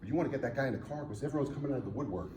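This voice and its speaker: A man's voice: medium pitch, lively intonation, racing. A man who coaches jiu-jitsu, explaining police practice in a practical, matter-of-fact way. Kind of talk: instructional chat. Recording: distant mic in an echoey room with clear background noise.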